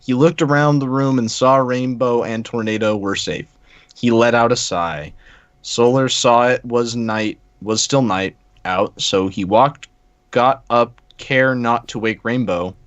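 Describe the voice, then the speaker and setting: A man's voice: mid-range voice, measured pace, no room sound, lo-fi sound. A man hosting a comedic read-through of a fan fiction, reading aloud in a casual, sardonic way and swearing freely.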